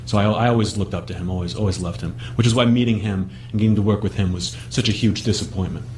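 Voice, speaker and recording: A man's voice: fairly low pitch, steady tone, fast talker, heavy background noise. A man, a comedian guest on a talk show, telling brash, sardonic anecdotes in casual chat.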